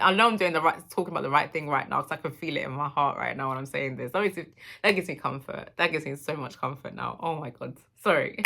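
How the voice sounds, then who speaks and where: A woman's voice: deep voice, creaky, bright, forceful tone. A woman in her thirties, telling a personal story in a candid, emotional monologue for her vlog. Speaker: vlogger.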